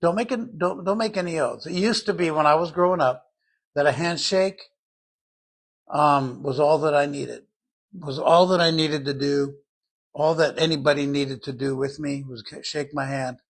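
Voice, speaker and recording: An older man preaching a sermon in an earnest, conversational Bible-teaching manner, with a husky voice. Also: on the high side, moderate pace.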